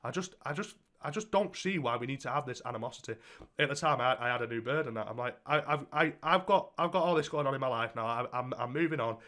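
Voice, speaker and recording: A man's voice: medium pitch, quick pace, sharp tone. A young man co-hosting a podcast, telling a story in casual chat and swearing heavily. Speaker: podcast co-host.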